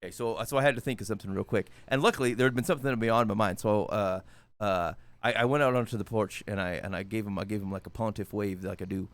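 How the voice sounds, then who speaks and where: A man co-hosting a podcast, talking in a wry, deadpan, halting way in casual comedic chat. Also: on the low side. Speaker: podcast co-host.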